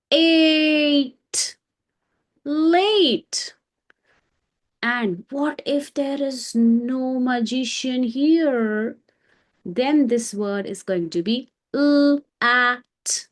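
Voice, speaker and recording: Slow, patient woman phonics teacher. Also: mid-range voice. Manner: slow, patient explaining with storytelling. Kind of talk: children's phonics lesson with story.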